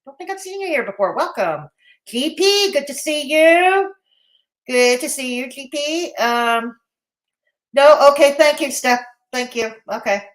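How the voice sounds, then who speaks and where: A woman's voice: sits high, lively intonation, a little slow. A woman hosting a live commentary stream, blunt and mocking in tone, with a Canadian accent. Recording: roomy echo.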